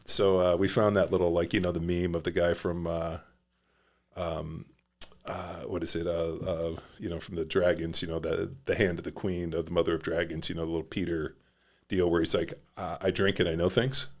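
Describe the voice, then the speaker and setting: A man's voice: low-pitched, flat delivery, moderate pace. A middle-aged man, a former pro football player, telling stories as a podcast guest in a rambling, blunt and profane way. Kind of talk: casual conversational storytelling.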